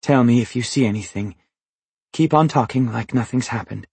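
A man's voice: mid-range voice, normal speed, vocal fry, darkish tone, husky, no room sound. A man reading an audiobook, voicing a guarded young woman who asks clipped, probing questions in a slightly raised tone. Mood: wary. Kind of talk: audiobook character voice.

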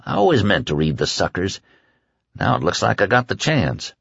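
A man voicing an injured man from East Texas, calm and firm in a plain-spoken drawl. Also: fairly low pitch, normal speed, creaky, slightly rough, no echo, exaggerated voice. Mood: gentle. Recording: dull lo-fi dry recording.

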